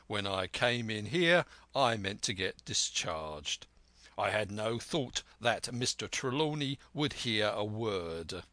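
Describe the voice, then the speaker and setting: A man voicing a stern, blunt sea captain who talks in a measured, firm way in a storybook reading. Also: on the low side, sing-song, bright, forceful tone, dry recording, heavily acted.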